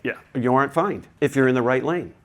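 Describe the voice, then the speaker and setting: A man's voice: medium pitch, fairly quick. Chatty man giving a conference talk. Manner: chatty, digressive, joking asides. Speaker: conference presenter. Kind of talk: technical talk to a live audience. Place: conference hall.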